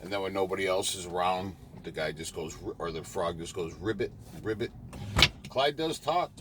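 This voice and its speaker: Low-voiced trucker rambling casually. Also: male voice, a little fast, very noisy. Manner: rambling, many fillers and restarts. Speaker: truck driver. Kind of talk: casual vlog chat. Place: parked truck near a truck stop.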